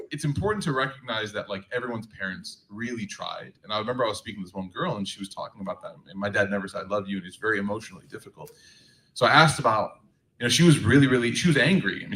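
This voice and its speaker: A man's voice: mid-range voice, recorded from a distance, low-quality recording. A man giving a faith talk to a live audience, telling humorous stories with lots of fillers. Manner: animated, humorous storytelling, many fillers.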